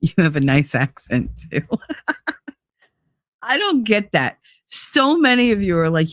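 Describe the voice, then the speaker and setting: A woman with a New Jersey accent hosting a live stream, chatting casually and reading viewer comments in a very animated, emphatic way with lots of inflection. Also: on the low side, a little slow, dry recording, studio quality. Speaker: livestream host.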